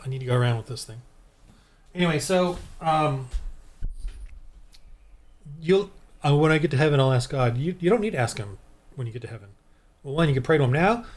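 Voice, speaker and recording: Man from the US, higher-pitched voice, rambling preachy commentary, heated, lots of restarts. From United States. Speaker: Christian YouTube commentator. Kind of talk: reaction commentary monologue.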